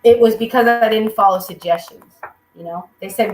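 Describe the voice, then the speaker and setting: A woman speaks candidly about her life at a recovery meeting, joining by video call and bringing the people in her story to life with funny, lively impressions. Her voice is a little high at a normal speed, and the poor audio sounds roomy with a little hiss or hum.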